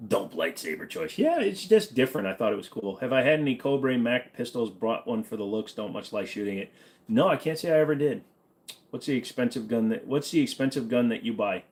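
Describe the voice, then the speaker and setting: A young man hosting a casual livestream, reading viewer questions and answering them with crude jokes. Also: medium pitch. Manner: joking, profane, answers chat questions.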